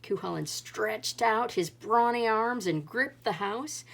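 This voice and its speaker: A woman reading a folktale picture book aloud in an expressive storybook style, with dramatic rises and drops. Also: fairly high pitch, slow pace, vocal fry, few pauses. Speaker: read-aloud narrator.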